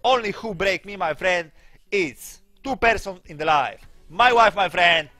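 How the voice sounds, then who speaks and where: Young polish guy streaming, choppy english, bright voice pitched a bit high, goes from mumbling to yelling, some music in the back. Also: animated, measured pace, dry recording. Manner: broken English with a repeated "my friend" tag; swings between mumbled asides and loud, fired-up outbursts. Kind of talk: casual chat on stream.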